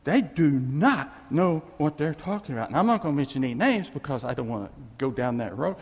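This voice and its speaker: A preacher delivers a folksy sermon in a high, lively, gravelly voice with a husky edge. His words ring out with a long, echoing reverb. He keeps it animated and chatty, dropping in laughing asides. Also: fairly quick. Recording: echoey hall with long reverb.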